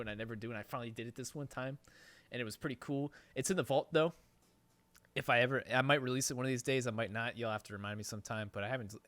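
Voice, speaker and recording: In casual storytelling on his podcast, a young male host rambles on at length, cursing heavily and growing louder and more frustrated. He speaks at medium pitch, and the audio has no echo.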